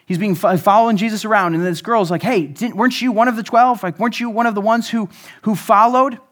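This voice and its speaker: A man pastor giving a conversational sermon, animated, acting out the people he quotes. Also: high-pitched, fast.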